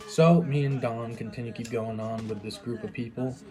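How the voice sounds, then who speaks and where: A young man recounting a night out in a loose, rambling storytime monologue. His voice is mellow and relaxed at an ordinary middle pitch. Faint music plays underneath. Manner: rambling, quick asides and restarts.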